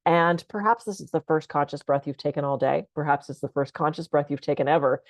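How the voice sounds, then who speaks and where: A woman speaker on a video call, calmly and conversationally guiding listeners through breathing techniques for stress. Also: sits low, a little fast, dry recording. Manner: calm, conversational, gently instructive. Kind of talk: guided breathing talk.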